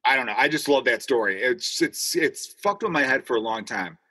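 A man's voice: mid-range voice, animated, a little fast, pushed and bright, breathy edge. A man hosting a casual podcast chat, reacting in a laid-back way and swearing casually. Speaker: podcast host.

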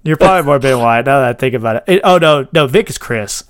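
A man's voice: medium pitch, animated, fast, a little hiss or hum. A man hosting a casual podcast chat, rambling and laughing as he retells scenes. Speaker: podcast host. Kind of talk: casual chat about a TV show.

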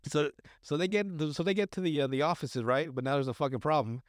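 A man's voice: a little high, animated, quick pace, dry recording, clean studio sound. A man casually recapping a film on a podcast, rambling, swearing often and acting out the characters' lines. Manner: rambling, profane, acts out quotes. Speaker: podcast co-host.

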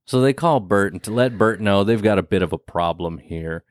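A man co-hosting a casual podcast, recapping a horror movie with lots of swearing and quick acted-out lines. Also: on the low side, no room sound, studio quality. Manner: profane, animated, acts out movie characters in quick bursts. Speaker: podcast co-host.

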